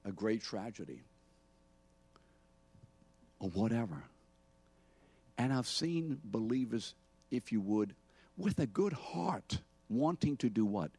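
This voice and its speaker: A man's voice: lowish voice, warm tone, breathy edge, dry recording. A man preaching a sermon, teaching and calling on members of the congregation by name to answer his questions. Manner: teaching preacher who quizzes listeners by name. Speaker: pastor.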